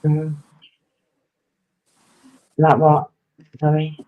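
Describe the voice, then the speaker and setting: An easygoing guest chats casually on a live stream and laughs often. The voice sits at a middle pitch. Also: completely flat delivery, drawn-out words, narrow, tinny audio.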